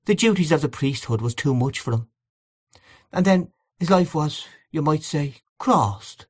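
A woman's voice: deep voice, lively intonation, unhurried, slightly rough, voice pushed up, heavily acted. A man voicing a grieving elderly housekeeper who rambles in a wistful, confiding way. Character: grieving elderly Irish housekeeper, gossipy and plaintive.

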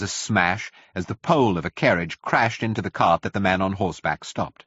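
A man reading a classic novel aloud as a narrator, with dramatic, expressive storytelling. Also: deep voice, normal speed, hardly any pauses, husky, no room sound, lo-fi sound. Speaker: audiobook narrator.

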